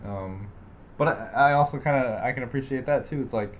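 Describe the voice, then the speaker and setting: A man's voice: mid-range voice, brisk, phone-quality sound, a little hiss or hum. A young man co-hosting a podcast in casual chat, rambling with lots of fillers and self-deprecating asides. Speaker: podcast co-host.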